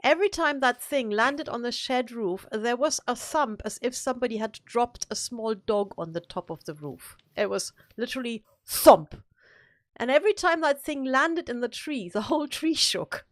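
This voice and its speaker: A woman with a slightly high voice chats casually on a gaming stream. She rambles through playful stories with lots of fillers. The recording is close and dry. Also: animated, normal speed, hardly any pauses, a bit bright, no echo. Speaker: co-host of a gaming live stream.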